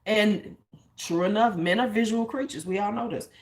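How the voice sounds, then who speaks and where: A woman's voice: medium pitch, moderate pace. A woman vlogger giving casual commentary, blunt and candid, swearing freely and retelling stories by acting out what people said. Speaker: beauty vlogger.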